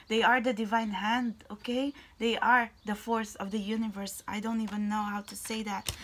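A woman giving a tarot reading to her viewers, excitable and exclamatory, sometimes dropping to a whisper. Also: mid-range voice, slight background noise. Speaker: tarot reader.

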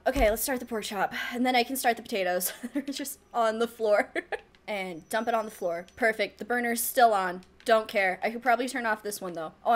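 A woman's voice: high voice, a bit bright. A woman giving casual gameplay commentary, flustered and self-mocking, laughing often. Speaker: let's play gamer.

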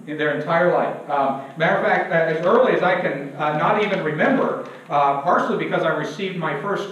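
A young man preaches emphatically, often pausing so the congregation can fill in the word. His voice sits high, and he jokes at his own expense. The sound comes from far off in a very reverberant sanctuary, muffled and dull. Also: fairly bright tone. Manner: self-deprecating humor. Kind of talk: sermon. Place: church sanctuary. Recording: very echoey church, distant and dull.

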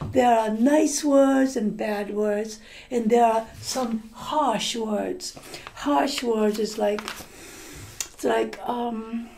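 A woman teacher telling a story to language learners, slowly repeating and explaining words, often correcting herself. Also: fairly high pitch, gravelly, warm tone, slight background noise.

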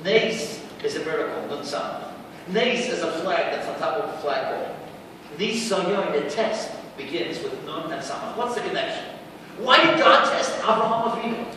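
A man lectures as a rabbi, his voice pitched high. He tells his story with animation and slips into the voices of the people in it. He sounds distant from the mic, caught in the long echo of a big hall with a steady hiss of noise underneath. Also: normal speed. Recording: echoey hall recorded from far off with background noise.

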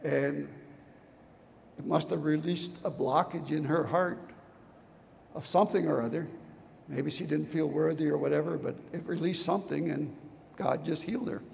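An older pastor preaches in a hoarse, deeply gravelly voice with a mellow, dark tone. He tells his stories earnestly, a man worn from preaching. The sound carries a long hall reverb over a faint hiss. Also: fairly even intonation, moderate pace, long pauses. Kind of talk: sermon.

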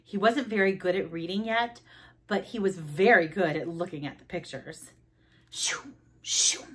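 A woman reading a children's book aloud, expressive, with sound effects. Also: on the low side, moderate pace, slightly rough. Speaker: storybook reader.

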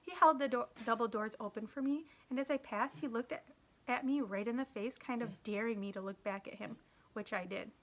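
A woman teacher reading a children's novel aloud in a steady, gentle narrating voice. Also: a little high, fairly quick. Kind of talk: read-aloud storytelling.

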